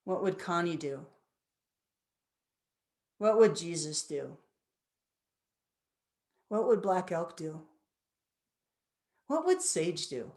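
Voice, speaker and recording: A woman's voice: lowish voice, big pitch swings, slow, long pauses, darkish tone. A woman in her fifties giving a personal storytelling talk as a guest speaker at a spiritual center, earnest and reflective. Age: 50s.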